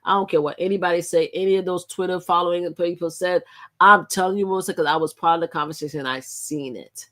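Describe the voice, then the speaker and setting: A woman's voice: on the low side, fairly even intonation, quick pace, bright, forceful tone. A middle-aged woman hosting a live stream, talking in a rambling, emphatic way with frequent restarts. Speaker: livestream host. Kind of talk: casual live-stream commentary.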